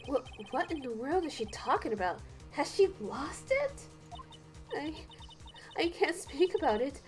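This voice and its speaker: A woman's voice: sing-song, measured pace, faint music behind. A woman playing a terrified, stammering witness. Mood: frightened. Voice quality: stammering, pleading, voice rising high. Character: panicked young woman witness, fragile and terrified. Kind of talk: let's play voice reading.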